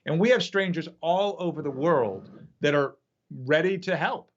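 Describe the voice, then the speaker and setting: An enthusiastic male storyteller with a fairly high voice. He talks over a video call from his home studio, and the sound comes through dull and lo-fi. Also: normal speed. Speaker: magician and app creator. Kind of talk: casual storytelling.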